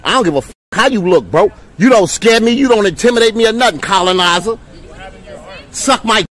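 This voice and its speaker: A man in a heated street confrontation, shouting and taunting with profane insults. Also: high-pitched, expressive, fairly quick. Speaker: man confronting police officers.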